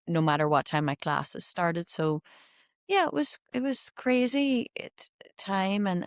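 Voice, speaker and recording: A woman with a Belfast accent, a guest recalling her past in a relaxed, chatty interview. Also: low voice, no room sound, clean studio sound. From Belfast, Northern Ireland. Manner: relaxed storytelling, chatty asides. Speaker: guest, actor. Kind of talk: casual interview chat.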